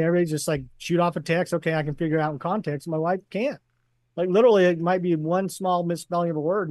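A man's voice: a little high, darkish tone, no room sound, clean studio sound. A man, a podcast guest, explaining communication ideas point by point in casual conversation. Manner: explains points in a numbered list. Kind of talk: casual chat.

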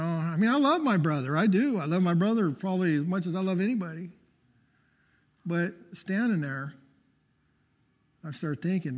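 A man with a notably high voice preaches his testimony with fervor and keeps calling out for amens. The sound carries a long reverb, as if from a church hall. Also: fairly quick. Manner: fervent, calls out for amens. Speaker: testimony speaker.

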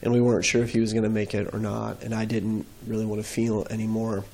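A man's voice: lowish voice, flat delivery, fast talker, gravelly, darkish tone. A man, a guest on an interview show, telling his faith story in an earnest, reflective way.

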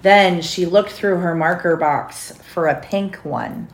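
A mother reading a storybook aloud to her children at home, pausing to ask them questions. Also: on the low side, echoey room, low-quality recording. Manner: pauses to quiz the children.

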